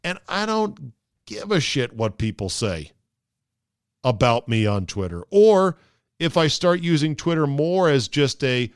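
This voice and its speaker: A man's voice: fairly high pitch, sing-song, a little slow, clear, resonant tone, dry recording, clean studio sound. A man hosting a podcast, delivering a sarcastic casual monologue and slipping into mocking voices. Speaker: podcast host.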